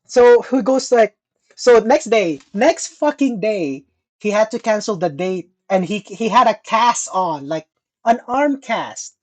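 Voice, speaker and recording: Male podcast co-host, lively storyteller who swears a lot and acts out his quotes. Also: sits high, measured pace. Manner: animated, profane, mimics people in quotes. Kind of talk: casual storytelling chat.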